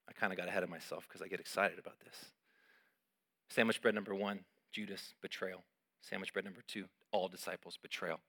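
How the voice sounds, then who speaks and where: A middle-aged man preaching a sermon as pastor, emphatic and animated, with sudden loud peaks. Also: deep voice, a little fast.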